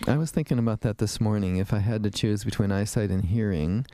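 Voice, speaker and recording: A man's voice: fairly low pitch, fairly quick, dark tone, dry recording. A man hosting a radio talk show as a dentist, chatting in a rambling way with fillers and restarts from a studio.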